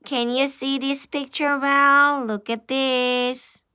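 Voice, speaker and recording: Slow, bright-voiced woman reading a storybook. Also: high voice, little pitch movement, no echo, studio quality. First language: Korean. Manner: exclaiming, asking the listener questions. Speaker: children's English teacher. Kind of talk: reading a picture book aloud to children.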